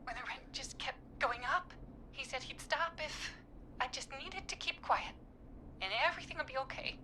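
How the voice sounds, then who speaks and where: A woman's voice: sits high, normal speed, background noise, lightly acted. An actress voicing an anxious, guilt-ridden woman who owns a studio, in a video game. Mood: nervous. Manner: hesitant, anxious.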